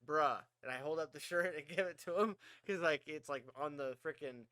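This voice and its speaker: Man, podcast co-host, bright tense voice, dry close sound, casual rambling, laughs a lot. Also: a little high, fairly quick, clean tone, dry recording. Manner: laughs often, swears casually, rambling storyteller. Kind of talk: casual chat.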